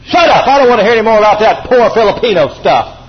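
A male preacher voicing a stern evangelist who delivers a loud, forceful rebuke. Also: high-pitched, very animated, quick pace, dull audio, voice pushed up. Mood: rebuking.

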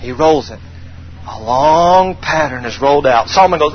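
High, animated preacher man. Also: normal speed, lo-fi sound, slight background noise. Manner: animated call-and-response preaching, dramatic scripture reading. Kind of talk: sermon.

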